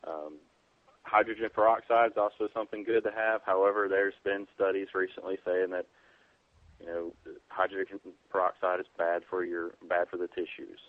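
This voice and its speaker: Deep-voiced man on a tinny phone line. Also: flat delivery, normal speed, dry recording. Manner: easygoing, explains plainly with many fillers. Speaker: EMT guest on a preparedness podcast. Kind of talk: casual interview.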